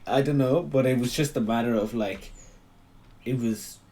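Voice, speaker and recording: A man's voice: medium pitch, normal speed, mellow. Laughing Irish man chatting casually. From Ireland. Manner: laughs often, hesitant with ums. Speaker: podcast co-host. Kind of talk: casual chat.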